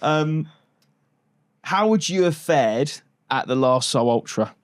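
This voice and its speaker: A man's voice: a little high, animated, takes it slowly, dry recording, clean studio sound. A man hosting a podcast in casual chat, chatty, laughing often and swearing casually. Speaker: podcast host.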